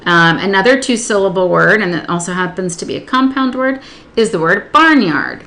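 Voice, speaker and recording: A woman teaching early literacy, explaining a workbook lesson step by step and slowing down to sound out words and syllables. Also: medium pitch, expressive, bright, forceful tone. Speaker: literacy tutor. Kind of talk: instructional demonstration.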